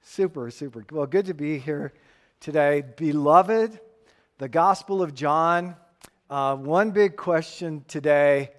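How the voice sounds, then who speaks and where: A man's voice: fairly high pitch, takes it slowly, long reverb tail. A man preaching a sermon in a church, emphatic and playful with the congregation. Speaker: pastor.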